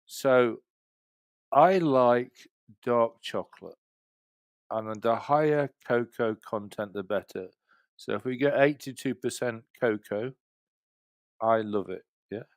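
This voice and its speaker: A man's voice: mid-range voice, slow, pauses often, dry recording. Laid-back man, dry close sound. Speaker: livestream panel guest. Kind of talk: casual chat.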